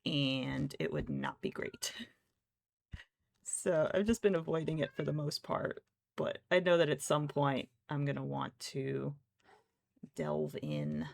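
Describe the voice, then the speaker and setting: A woman's voice: low-pitched, very animated, slow pace, creaky. A woman streamer chatting casually while crafting, who talks to her cats in baby talk.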